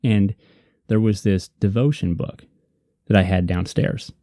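A man with a low, deeply mellow voice talks through his faith in a casual discussion. He is earnest and reflective, circling back to repeat key points for emphasis. The sound is dry and close. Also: unhurried, dry recording. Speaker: podcast co-host.

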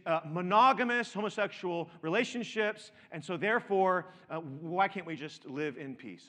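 A man's voice: on the high side, fairly bright tone, big-room sound. A man preaching a sermon, stressing and repeating key words and checking in with his listeners through direct questions. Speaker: pastor.

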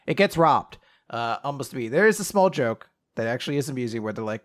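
A young man co-hosting a podcast, casually recapping an anime, animated, swearing and acting out quotes. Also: mid-range voice, brisk. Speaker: podcast co-host.

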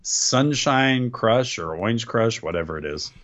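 A man's voice: mid-range voice, lively intonation, a little slow, fairly bright tone, highs cut off. A man co-hosting a casual wrestling podcast, sarcastic and complaining, often tripping over his words. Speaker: podcast co-host. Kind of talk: casual wrestling recap chat.

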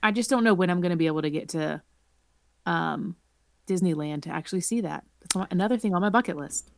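A woman's voice: fairly low pitch, fast, creaky, dry recording, clean studio sound. A woman co-hosting a podcast in casual chat, playful and teasing. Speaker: podcast co-host.

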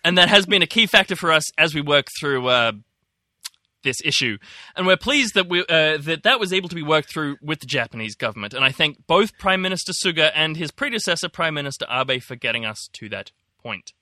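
A man's voice: on the high side, expressive, brisk, bright, forceful tone, no echo, clean studio sound. A man reading as an evasive prime minister. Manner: stiff, scripted, evasive. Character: evasive male prime minister dodging questions. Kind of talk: reading a press transcript aloud.

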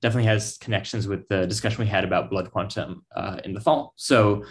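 A man's voice: lowish voice, fairly even intonation, fast talker. A man as a podcast guest, explaining film ideas thoughtfully with frequent ums. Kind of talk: casual academic discussion.

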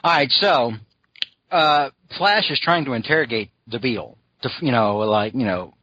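A man talks in a loose, rambling way, full of fillers and restarts, with a husky, scratchy throat. His voice is bright and sharp, close and dry, on a somewhat dull, lo-fi recording. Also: mid-range voice, lively intonation, a little fast. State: scratchy throat, clearing it often. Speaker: podcast host reviewing a cartoon. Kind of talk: casual chat.

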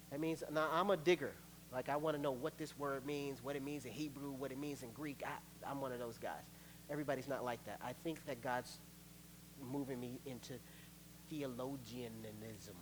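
A man preaching a sermon as pastor, lively and playful, acting out little quotes and laughing along the way. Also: medium pitch, noisy background. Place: church sanctuary.

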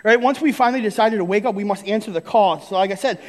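Pastor guy preaching, high voice, keeps tossing in "right?", echoey church hall. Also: fast talker. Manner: emphatic, frequent "right?" tag questions, laughs between points. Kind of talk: sermon.

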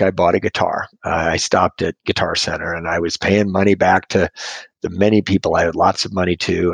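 A middle-aged man tells a long personal story in a conversation, wandering off course and poking fun at himself. His voice is low, gravelly and husky. The sound is dry and close, with no room echo. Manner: rambling and self-deprecating, with frequent restarts and chuckles.

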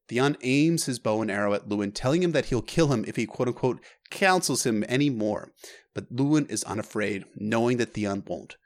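A man's voice: mid-range voice, normal speed. Male narrator, casual recap read, mid-range voice, a few stumbles. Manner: relaxed, with stammered restarts.

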